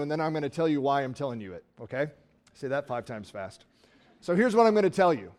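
A pastor preaching a sermon to his congregation in a church, talking conversationally and asking rhetorical questions. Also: a little high. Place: church sanctuary.

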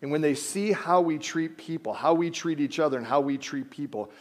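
A man preaching a sermon, animated, acting out biblical characters and dropping to quiet emphasis. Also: a little high, a little fast. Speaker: pastor.

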